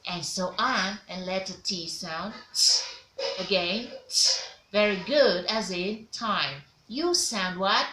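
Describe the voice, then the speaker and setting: A woman's voice: mid-range voice, lively intonation, takes it slowly, bright, forceful tone, echoey room. A woman teaching letter sounds as a diction teacher, drilling each sound and prompting the viewer to repeat it. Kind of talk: phonics lesson to camera.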